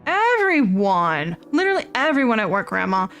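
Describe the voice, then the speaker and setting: A woman's voice: on the high side, big pitch swings, normal speed, a bit bright, soft background music. A woman voicing an anxious, earnest young man who rambles as he pours out his worries. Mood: frustrated.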